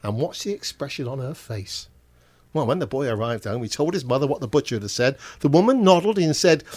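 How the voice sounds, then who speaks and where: An older man telling stand-up jokes in a deadpan way, chuckling at his own punchlines. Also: medium pitch, fairly quick, husky. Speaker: stand-up comedian and show compere.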